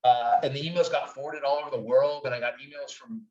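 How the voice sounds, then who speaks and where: A man's voice: mid-range voice, steady tone, fast talker, a little mellow, dull audio. Candid middle-aged man, distant roomy audio. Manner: candid and enthusiastic, swears freely. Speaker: guest, wine writer. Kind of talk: casual interview chat.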